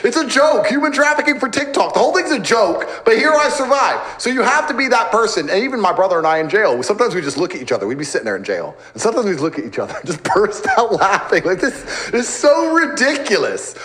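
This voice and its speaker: A man's voice: high voice, very animated, fast, hardly any pauses, fairly bright tone. A man in his thirties speaking as a podcast guest, brash and emphatic, boasting and laughing often in casual interview talk.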